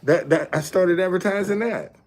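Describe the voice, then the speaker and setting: A man's voice: sits high, moderate pace, darkish tone. A man talking casually to his viewers, explaining things step by step with emphasis and often checking that they follow. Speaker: street messenger and video host.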